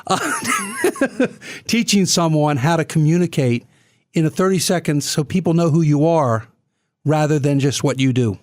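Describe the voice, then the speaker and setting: A middle-aged man talks through a business interview in a relaxed way, his pitch rising and falling freely. He fills pauses with small hesitations. The sound is dry and close, like a studio mic. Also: dry recording. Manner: animated, with filler sounds. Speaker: podcast host. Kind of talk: casual interview chat.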